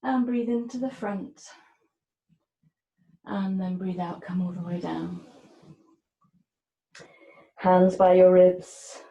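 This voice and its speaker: A woman yoga teacher calmly guiding a class through breathing and movement, cueing each breath. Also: lowish voice, roomy sound, lo-fi sound. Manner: slow, soft-spoken cueing of breath and movement. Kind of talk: guided yoga class instruction.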